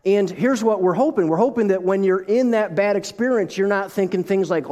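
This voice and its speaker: A middle-aged man preaching a sermon as pastor, animated, with joking asides and frequent restarts. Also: high-pitched, a little fast, few pauses. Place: church sanctuary. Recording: long hall reverb.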